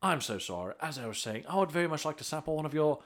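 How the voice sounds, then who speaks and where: A man putting on a pompous posh English gentleman. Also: fairly high pitch, lively intonation, fast talker, voice pushed up, close to an everyday voice. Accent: put-on English. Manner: exaggeratedly polite, then scolding.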